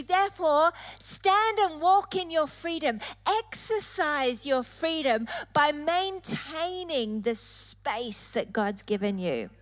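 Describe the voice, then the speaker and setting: A woman preacher delivering an emphatic sermon, stressing points through repetition. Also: high-pitched. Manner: emphatic, repeating phrases for effect.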